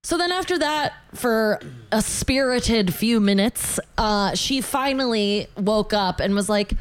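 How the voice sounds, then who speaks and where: Animated woman telling a story. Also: a little high, unhurried, hardly any pauses, clean tone. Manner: animated, swearing, acts out quotes. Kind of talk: casual storytelling chat.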